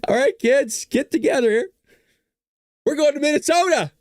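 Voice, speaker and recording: A man's voice: very high-pitched, animated, moderate pace, no room sound, studio quality, pitched above the performer's own voice. A man voicing a giddy, overeager dad announcing a family trip in a gushing way.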